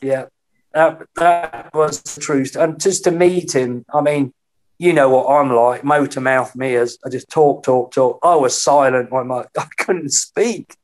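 A middle-aged man, a podcast guest telling lively anecdotes in casual conversation and acting out the voices he quotes. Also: mid-range voice, a little slow. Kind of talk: storytelling in a casual interview.

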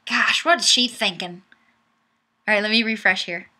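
A woman's voice: mid-range voice, moderate pace, pushed and bright. Bubbly young woman reading comments. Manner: bubbly, playful, laughs often. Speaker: webcam show host. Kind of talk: reading viewer comments aloud, casual chat. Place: home webcam setup. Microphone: webcam microphone.

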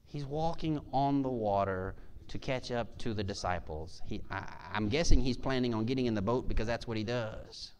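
A man preaching a conversational sermon in church, animated and joking with the congregation. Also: sits low, slight background noise. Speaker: pastor. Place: church sanctuary.

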